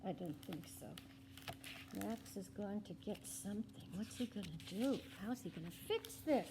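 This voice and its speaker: A woman reading a picture book aloud to children, animated with hushed whispery asides. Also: medium pitch, normal speed, background noise. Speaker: library guest reader.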